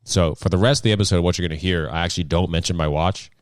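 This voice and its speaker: A young man with a low voice hosts a casual podcast, rambling along and poking fun at himself. The sound is dry and close. He talks loosely and jokes often. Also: rapid-fire, no room sound. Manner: rambling, jokey and self-deprecating. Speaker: podcast host. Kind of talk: casual solo podcast chat.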